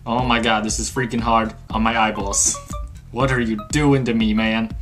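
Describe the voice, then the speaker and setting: A man doing let's play game commentary, reading instructions aloud with sarcastic asides and breaking into panicky yelps and rapid exclamations. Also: mid-range voice, a bit bright. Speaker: gaming channel host. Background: game music.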